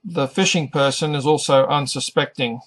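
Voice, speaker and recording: A middle-aged man teaching an English lesson, pronouncing each word carefully and deliberately. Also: medium pitch, fairly even intonation, a bit bright. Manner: careful, over-articulated pronunciation. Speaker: ESL teacher.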